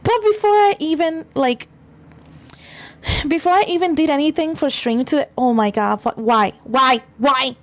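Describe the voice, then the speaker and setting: A woman's voice: high-pitched, normal speed. A young woman streamer chatting casually and ranting in frustration, swearing and stammering through restarts at a desk mic. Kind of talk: casual livestream chat.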